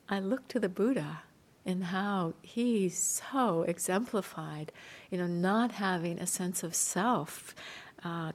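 A woman meditation teacher giving a dharma talk in a gentle, soft-spoken, unhurried way, with light laughter between points. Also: mid-range voice.

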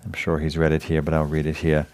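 A very deep, completely flat voice belongs to an English-accented meditation teacher offering a dharma talk in a meditation hall class. As he narrates a story, he is gentle and halting, breaking off and beginning again.

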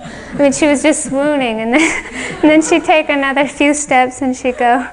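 A woman meditation teacher giving a dharma talk on retreat, slow, gentle and reflective, often laughing at her own stories. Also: high voice, steady tone, slight background noise, poor audio. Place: retreat center meditation hall.

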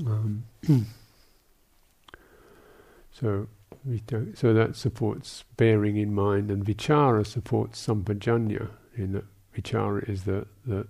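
A gravelly, somewhat low man's voice, a Buddhist monk teaching in a dharma talk. He speaks thoughtfully and haltingly, restarting phrases and adding small asides. The tone stays dark and mellow. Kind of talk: dharma talk answering questions.

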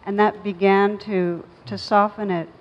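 A woman meditation teacher speaking in a soft, thoughtful, unhurried way during a reflective conversation. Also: mid-range voice, level tone. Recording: dull lo-fi sound with long reverb.

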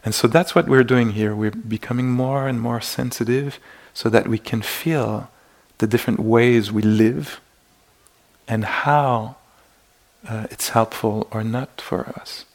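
A male meditation teacher leads a dharma talk in a retreat hall, his tone steady, gentle and inquiring. The voice sits at a middling pitch with a gravelly edge, and he often breaks off to act out tiny inner exclamations.

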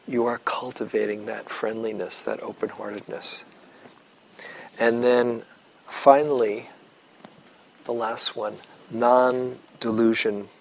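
A man giving a dharma talk to retreat students, telling stories in a slow, reflective way with long pauses. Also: mid-range voice, low-quality recording. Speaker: meditation teacher.

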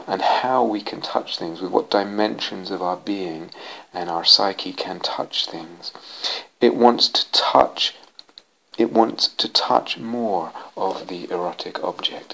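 Poor audio captures a meditation teacher's dharma talk to a retreat group in a retreat center meditation hall. He takes his time, his somewhat low voice fairly bright with vocal fry, and he searches for words, repeats key words and keeps restarting sentences.

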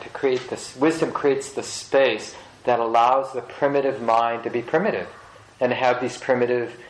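A man's voice: mid-range voice, slight background noise. Reflective male meditation teacher, roomy hall. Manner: reflective, halting, gentle. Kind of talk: dharma talk.

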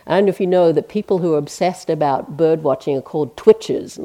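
A meditation teacher gives a dharma talk in a low-set, mellow voice. She's a fast talker but speaks gently and conversationally, often saying "you know."

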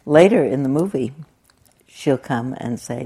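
A woman's voice: a bass voice, lively intonation, measured pace, dark tone, slightly rough. An older woman giving a conversational, reflective dharma talk as a meditation teacher. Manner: conversational and reflective, with laughing asides.

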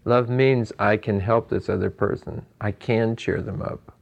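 Lowish-voiced guy teaching meditation, musing and chuckling, says "you know" a lot. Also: steady tone, unhurried, gravelly, dull audio. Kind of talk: informal dharma talk.

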